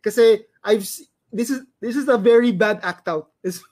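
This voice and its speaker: A man with a Filipino accent, a comedian, explaining his views carefully in a relaxed chat, mixing Tagalog and English and often restarting sentences. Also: high voice, normal speed. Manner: analytical, explains carefully, stumbles over words. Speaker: stand-up comedian and IT worker, guest.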